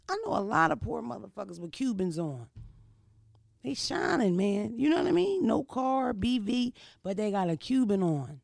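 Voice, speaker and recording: A young woman hosts her podcast in a loose, profane, animated monologue, always checking in with her listeners. Her voice carries a gravelly fry. The sound is dry and close, with no room around it. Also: a little high, normal speed, dry recording. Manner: profane, animated storytelling with frequent "you know what I mean?". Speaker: podcast host. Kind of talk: casual monologue storytelling.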